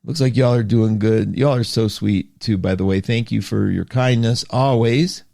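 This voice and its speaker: Chatty, animated male astrology host. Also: fairly low pitch, normal speed, gravelly, no echo, clean studio sound. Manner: animated, laughing, swings between loud bursts and soft asides; reads viewer comments aloud and answers them. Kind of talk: casual livestream chat with listeners.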